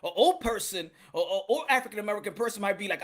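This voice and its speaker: A man running his own boxing commentary channel, with a high, bright and forceful voice. He talks in a loose, slangy, animated way, stacking up repeats and jokes as he rants to his viewers. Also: fast talker, hardly any pauses. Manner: animated, slangy, repetitive, joking. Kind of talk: casual commentary vlog.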